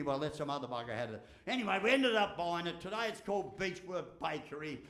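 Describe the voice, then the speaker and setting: A middle-aged Australian man with a fairly high voice gives a motivational speech in a folksy, joking way, dropping casual swear words and repeating his lines. The sound is roomy and echoey, as in a large hall. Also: sing-song, brisk, a bit bright. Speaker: keynote speaker.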